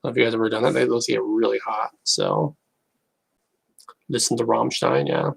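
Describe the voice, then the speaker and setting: A man's voice: mid-range voice, fairly quick, creaky, slightly rough, rough recording. A man chatting casually to viewers on a live stream, rambling and hesitant with many restarts. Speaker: YouTuber.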